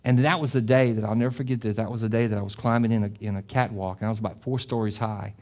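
A man's voice: fairly low pitch, fairly even intonation, fast. Impassioned middle-aged male pastor preaching. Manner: impassioned, rising to loud emphatic peaks; repetitive, restarting phrases. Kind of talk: sermon with closing prayer.

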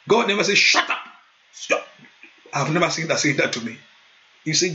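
A male pastor preaching a sermon, moving into loud fervent prayer and speaking in tongues. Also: high voice, expressive, moderate pace, pauses often. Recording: dull lo-fi sound.

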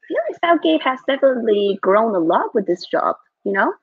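A young woman hosting a live football watchalong from home, excitable and reading out viewer chat. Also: on the high side, a little fast, slightly rough, no room sound. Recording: dull lo-fi dry mic.

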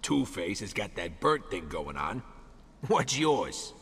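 A jeering, cocky thug. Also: male voice, fairly low pitch, very animated, slow, fairly bright tone, breathy edge, long reverb tail, exaggerated voice. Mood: taunting. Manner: jeering, mocking. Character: taunting male henchman, cocky thug. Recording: game audio under music.

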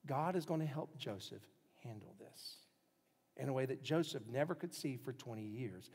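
A male pastor preaching a sermon, swinging from strong, raised lines down to hushed, near-whispered ones. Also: medium pitch, slightly rough, big-room sound. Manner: dramatic shifts in loudness, dropping to near whispers.

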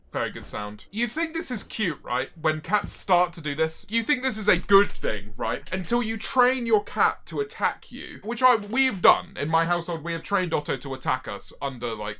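Man in his 20s, streamer, bright forceful tone, casual jokey rambling. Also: on the high side. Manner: joking, rambling, self-mocking. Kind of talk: casual reaction commentary. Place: office.

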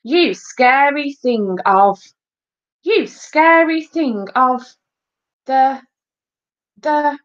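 A woman doing a loud boastful schoolboy. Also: high voice, extremely slow, long pauses, lo-fi sound, pitched above the performer's own voice. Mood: faltering. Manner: loud, stumbling over lines.

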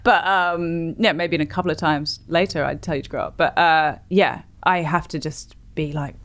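Woman, 30s, from Australia, lower voice; loose, self-mocking podcast guest. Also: fairly even intonation, a bit bright. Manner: rambling, self-deprecating, quick asides. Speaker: comedian guest. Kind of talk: casual podcast chat.

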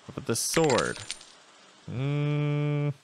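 Let's-play host, man, low voice with a lively pitch, chatty self-talk. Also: moderate pace, background noise. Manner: chatty, talks to himself, reads game text aloud. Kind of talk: casual gameplay commentary.

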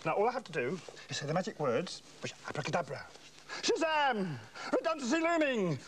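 A man hams it up as a grand, bumbling salesman in a children's comedy. He talks in showy, pompous patter and chants his magic words. His voice sits high and leaps all over the place. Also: lively intonation, rapid-fire, a little hiss or hum. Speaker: comic visiting salesman. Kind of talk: slapstick children's comedy acting.

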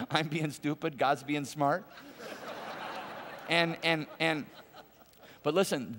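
Gravelly-voiced preacher man in a reverberant hall. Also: fairly high pitch. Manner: conversational storytelling, emphatic repetition. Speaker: pastor. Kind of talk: sermon. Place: large church auditorium.

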